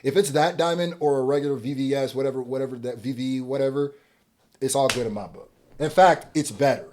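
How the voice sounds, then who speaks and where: A man hosting a music reaction video, casually commenting and swinging from quiet musing to loud, excited rants. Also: medium pitch, quick pace, a little hiss or hum.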